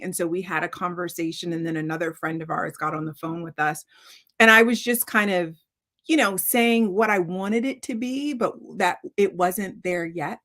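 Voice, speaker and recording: A middle-aged woman author telling stories on a video call, lively and acting out the quotes of others. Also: lowish voice, normal speed. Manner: animated storytelling, acting out quotes. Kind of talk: virtual author talk.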